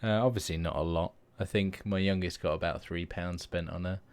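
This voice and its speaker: A man's voice: deep voice, fairly even intonation, a little fast, darkish tone, clean tone. A man in his thirties co-hosting a podcast, rambling casually with plenty of swearing and laughs. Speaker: podcast co-host. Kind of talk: casual chat.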